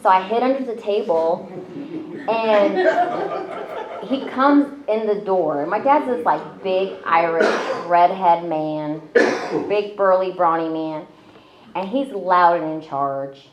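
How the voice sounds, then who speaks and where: A woman's voice: on the low side, takes it slowly, a crowd in the background. A woman telling her own story in casual conversation, chatty and self-deprecating, with lots of fillers. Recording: roomy, slightly dull audio.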